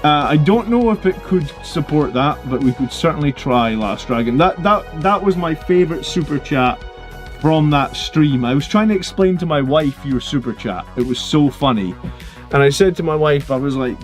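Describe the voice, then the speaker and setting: A tired man hosting a hobby livestream, chatting in a rambling, relaxed way full of fillers and restarts. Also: a little high, normal speed, faint music behind. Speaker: hobby channel host. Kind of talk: casual livestream chat.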